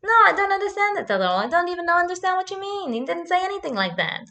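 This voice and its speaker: Short bit: a woman mimicking a German-accented husband, naive and indignant, pitched high. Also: very animated, quick pace, bright, forceful tone, full character voice. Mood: protesting. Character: earnest German-accented husband, oblivious and protesting.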